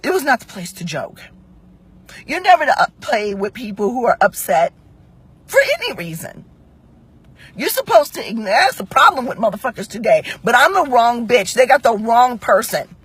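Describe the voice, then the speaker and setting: Brief: woman, 40s, husky, very animated pitch, blunt and profane vlog monologue. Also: moderate pace. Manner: blunt, profane, emphatic storytelling. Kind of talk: heated monologue to camera.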